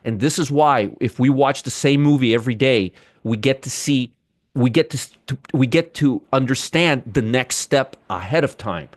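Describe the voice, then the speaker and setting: A man's voice: medium pitch, normal speed, dry recording, studio quality. A man hosting a daily market commentary, casually walking through chart levels and repeating key points with emphasis. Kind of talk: casual trading analysis monologue.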